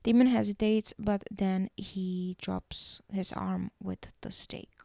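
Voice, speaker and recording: A gravelly, dry-voiced woman recapping. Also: medium pitch, fairly even intonation, mellow, no echo. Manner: retells scenes and acts out the characters' lines in quick shifting voices. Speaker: podcast host recapping a TV episode. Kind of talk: casual episode recap.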